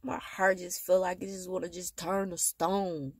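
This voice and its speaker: A woman's voice: lowish voice, little pitch movement, moderate pace, slightly rough, no echo. A tired woman venting in a bitter, profane monologue with heavy sighs, talking into her phone. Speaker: vlogger.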